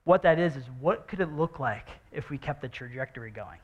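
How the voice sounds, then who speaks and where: A male pastor preaching a sermon in a church, animated and jokey, repeating rhetorical questions to the congregation. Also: mid-range voice, fairly quick, lo-fi sound. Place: church sanctuary.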